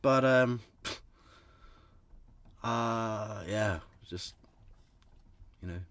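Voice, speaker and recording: A man's voice: fairly low pitch, drawn-out words, a bit bright, clear, resonant tone, dry recording. A man hosting true crime commentary, casually sarcastic and swearing as he reacts to clips.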